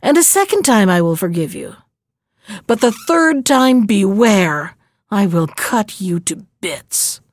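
A woman voicing a menacing male sorcerer in a storybook reading, speaking low and slow. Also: sing-song, no room sound, clean studio sound.

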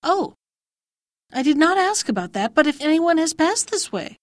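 A woman's voice: high-pitched, sing-song, normal speed, no room sound, voice pushed up. A woman voicing a wheedling female lamia, a hungry monster who coaxes and threatens. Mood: insistent. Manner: coaxing, then threatening.

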